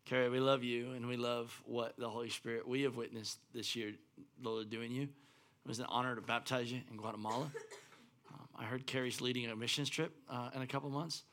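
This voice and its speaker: A man's voice: mid-range voice, level tone, brisk, fairly bright tone, slight background noise. A male pastor speaking loosely and conversationally from the pulpit, with many fillers. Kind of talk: casual pulpit remarks.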